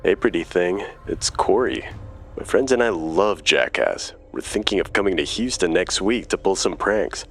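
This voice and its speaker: A man's voice: sits low, lively intonation, normal speed, a bit bright. A man voicing a creepy male stalker who poses as a teen boy, pushy and overly friendly, in a spoken horror story. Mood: sly.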